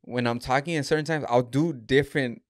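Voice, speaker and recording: A man's voice: mid-range voice, fairly quick, no room sound, studio quality. A man from Los Angeles, a comedian, chatting casually on a podcast in a laid-back, slangy way. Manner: laid-back, slangy, says bro often. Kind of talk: casual chat.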